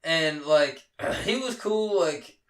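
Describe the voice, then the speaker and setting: A man's voice: fairly high pitch, animated, slow pace, a bit bright, distant mic. A young man co-hosting a podcast, telling a story in casual chat, swearing a lot and laughing often. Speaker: podcast co-host. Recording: roomy, off-mic echo.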